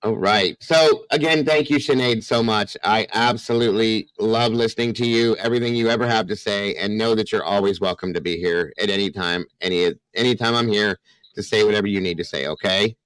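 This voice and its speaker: A man's voice: on the low side, brisk, fairly bright tone, clean tone, no room sound, rough recording. A man hosting a live panel chat, effusive and reassuring, repeating himself. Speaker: host.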